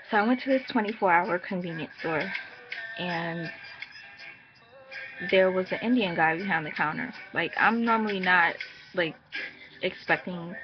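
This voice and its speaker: A young woman telling a story in a casual vlog, chatty and animated, laughing and jumping high when exasperated. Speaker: vlogger. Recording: muffled with music playing behind.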